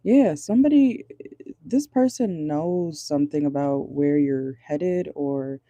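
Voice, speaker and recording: A tarot reader doing a casual reading from inside a car, pausing often while channeling, swearing and laughing nervously. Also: mid-range voice, warm tone, no echo.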